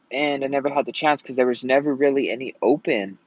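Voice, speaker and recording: A man's voice: mid-range voice, quick pace, hardly any pauses, no echo. A man venting in a casual vlog rant, rambling and swearing often out of frustration. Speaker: vlogger. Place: at home in Colorado. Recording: dull lo-fi sound.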